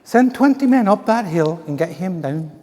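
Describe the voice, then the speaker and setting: A man doing a falsetto English general. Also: lively intonation, normal speed, darkish tone, big-room sound. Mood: commanding. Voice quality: falsetto with a Scottish accent. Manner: barking orders. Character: pompous English army general, middle-aged man.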